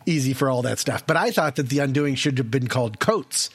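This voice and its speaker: A man co-hosting a casual film podcast, joking around with quick wisecracks. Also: medium pitch, slightly rough, dry recording. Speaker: podcast co-host. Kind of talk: casual chat.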